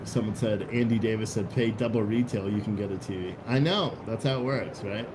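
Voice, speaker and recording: A man's voice: lowish voice, a little fast, background noise. A man hosting a casual livestream, rambling bluntly with profanity and restarts while reading out chat comments. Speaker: livestream host.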